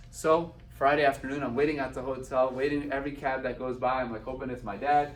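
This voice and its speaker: A man giving a lively personal storytelling talk to an audience, acting out the dialogue. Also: medium pitch, fast talker, hardly any pauses, slight background noise. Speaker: speaker. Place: event hall. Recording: roomy sound from a distant mic.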